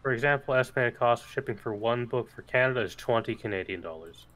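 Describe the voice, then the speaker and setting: Adult man, casual co-host chat, mid pitch, offers practical pointers. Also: quick pace, a bit bright, soft background music.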